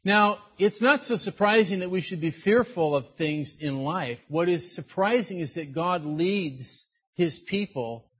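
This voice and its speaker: A middle-aged man preaching a sermon, telling personal stories in an animated way and acting out the voices of the people in them. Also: on the high side, slightly rough, lo-fi sound. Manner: storytelling, animated, acts out quoted voices. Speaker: pastor.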